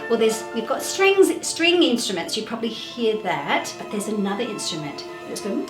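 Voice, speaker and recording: A woman's voice: on the high side, very animated, normal speed, roomy sound. A woman hosting a children's music class, asking playful questions in a sing-song way.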